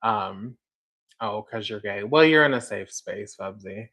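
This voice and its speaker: Male livestream host, unhurried and chatty, rambling with lots of fillers, speaking to a viewer in chat. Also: fairly low pitch, fairly bright tone.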